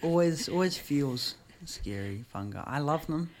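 A man's voice: fairly high pitch, animated, unhurried. A man co-hosting a science podcast, chiming in with short, wry remarks. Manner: brief wry interjections. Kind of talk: casual chat.

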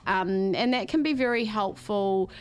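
This is a New woman hosting a studio radio interview at a middling pitch. She talks effusively and rambles through her questions, with lots of restarts. The sound is clean studio radio. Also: measured pace, clean tone. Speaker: radio host.

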